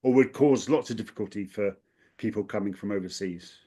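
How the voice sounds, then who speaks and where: Man from southern England, host, curious and probing with quick questions. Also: fairly low pitch, mellow. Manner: curious, asks short follow-up questions. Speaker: language coach host. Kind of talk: casual interview.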